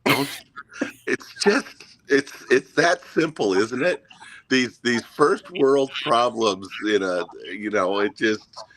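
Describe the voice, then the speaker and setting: A man chatting casually as a guest, telling stories in a halting way with many fillers and chuckles. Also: medium pitch, animated, a bit bright, no room sound. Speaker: guest, Santa performer. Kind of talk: casual chat, storytelling.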